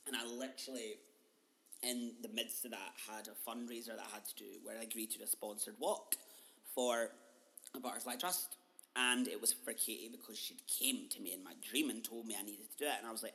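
A person in their twenties, hosting a podcast and telling a personal story with candid emotion, swinging between quiet and loud and swearing freely. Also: mid-range voice. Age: 20s. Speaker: podcast host.

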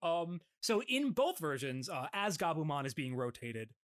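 A man co-hosting a relaxed podcast chat, walking through an anime episode beat by beat. He laughs often and leans on uh and um as he goes. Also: a little high, normal speed. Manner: laughs often, filler-heavy, reads out dub lines. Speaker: podcast co-host.

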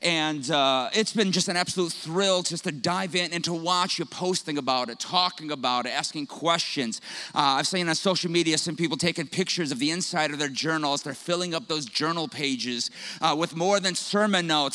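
A young pastor preaches to his congregation in a high, bright voice. He tells stories with a humorous, conversational touch and throws in quick asides. His delivery is lively and engaging. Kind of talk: sermon.

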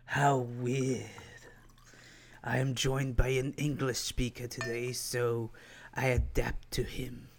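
Guy putting on a creepy old evil emperor voice, dragged out super slow and low, sinister. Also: monotone. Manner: slow, menacing drawl.

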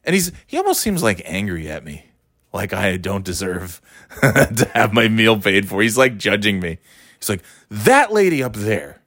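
Animated man telling a rant story. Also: on the low side, moderate pace, no echo, studio quality. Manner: animated, swearing, mocking voices in quotes. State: tired. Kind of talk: casual anecdote monologue.

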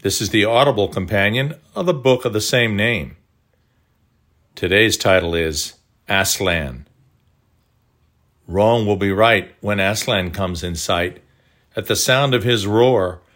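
A man narrating a scripted devotional audiobook in a measured, earnest way. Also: lowish voice, a bit bright.

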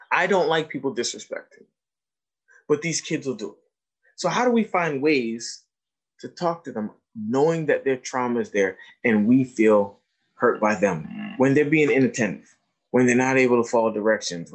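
A man's voice: medium pitch, rough recording. A man giving a training talk to educators, telling classroom stories and asking his audience questions. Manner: animated storyteller, asks the audience questions. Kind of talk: lecture to teachers with told stories.

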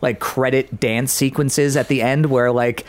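A man chatting casually as a podcast co-host, his voice at an everyday middle pitch. He talks in an animated way, with lots of fillers and quick laughs. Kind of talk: casual chat.

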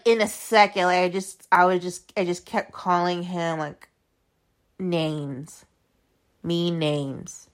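Low, unhurried woman telling a blunt story. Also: steady tone. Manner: blunt, profane, lots of "like" fillers. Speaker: podcast host. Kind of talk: casual storytelling.

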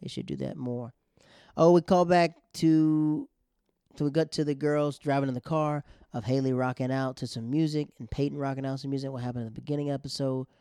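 A man's voice: medium pitch, fairly even intonation, fairly quick, warm tone, smooth, no echo, clean studio sound. A man casually recapping a TV episode in loose slang, joking about the writers as he goes. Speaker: TV show recapper.

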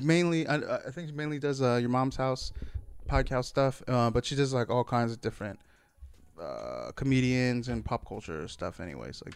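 A man's voice: mid-range voice, gravelly, dry recording. A man hosting his own podcast in a loose, rambling chat, full of fillers and casual swearing. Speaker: solo podcast host.

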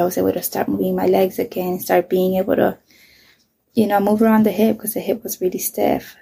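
This woman, a vlogger in her thirties, has a warm, creaky voice of medium pitch, with slight noise behind her. She's casually telling a story, blunt and full of swearing, frequently slipping into a whisper.

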